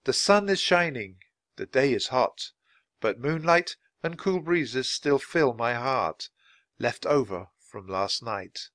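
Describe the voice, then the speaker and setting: A thoughtful young boy, read by a man, earnest and a little nervous, talking with lively ups and downs in pitch. The sound is close and dry. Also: takes it slowly, no echo.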